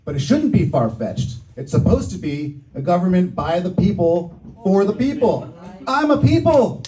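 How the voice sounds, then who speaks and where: Joking candidate at a stump speech. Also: male voice, sits high, big pitch swings, moderate pace, mellow, far from the mic, a little hiss or hum, poor audio. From Boston. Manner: joking, upbeat campaign delivery. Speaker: political candidate. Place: community event hall.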